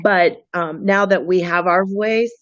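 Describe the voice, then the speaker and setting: Lady with a lowish voice talking earnest and halting, dry muffled call audio. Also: a bit bright, no room sound. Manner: earnest, halting, many restarts. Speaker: guest, friend of a missing woman. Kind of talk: emotional interview talk.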